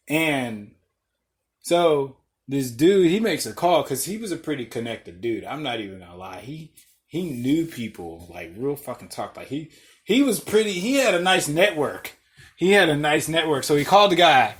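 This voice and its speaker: A podcast host telling a long story in casual, profane talk, acting out the lines of the people in it. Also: male voice, fairly high pitch, moderate pace. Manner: profane, animated, reenacts dialogue.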